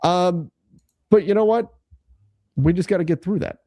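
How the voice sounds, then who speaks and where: A man's voice: sits high, normal speed, dark tone, no room sound, clean studio sound. A man co-hosting a live basketball draft show, chatting casually and laughing often. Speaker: podcast co-host.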